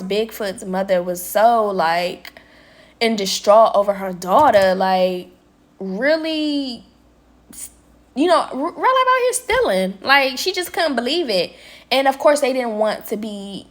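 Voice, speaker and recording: A young adult woman vlogging a casual storytime, chatty and dramatic, acting out her own exclaimed reactions and talking straight to her viewers. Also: mid-range voice. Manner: animated, dramatic retelling with exclaimed quotes; chatty, addresses viewers as y'all. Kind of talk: casual storytime while working.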